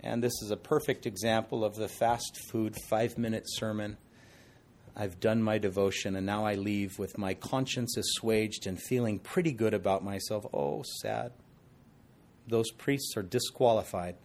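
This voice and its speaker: A man's voice: on the low side, moderate pace. Conversational middle-aged male pastor. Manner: conversational, animated, jokey asides. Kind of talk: expository sermon.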